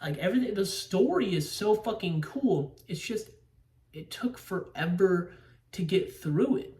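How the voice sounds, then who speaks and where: A man's voice: sits high, animated, a little slow, darkish tone. A man giving a casual, rambling movie review, swearing often and stressing his opinions. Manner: profane, rambling, emphatic. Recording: echoey room, distant from mic.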